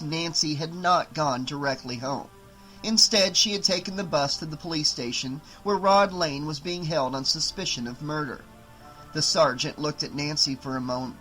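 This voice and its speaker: A man narrating an audiobook in a steady, dramatic reading style. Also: on the high side, low-quality recording. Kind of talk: scripted narration.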